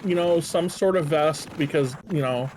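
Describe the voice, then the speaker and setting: A man's voice: on the high side, moderate pace, background noise. A man co-commentating a game stream in a chatty, hesitant way with many fillers.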